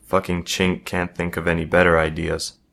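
A man reading a story aloud, voicing a crude, mocking schoolboy bully in his own low voice. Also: completely flat delivery, moderate pace, creaky, a bit bright. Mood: taunting. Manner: taunting, crude.

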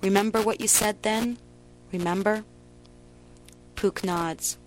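A woman giving a slow, emotional, theatrical reading of a first-person story. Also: on the low side, steady tone, slight background noise, poor audio. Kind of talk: dramatic literary reading.

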